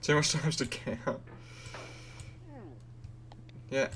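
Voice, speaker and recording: A man's voice: mid-range voice, fairly even intonation, extremely slow, a bit bright, slight background noise. A young Australian man chatting loosely while live-streaming a game, full of fillers and the odd swear. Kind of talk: casual live-stream chat.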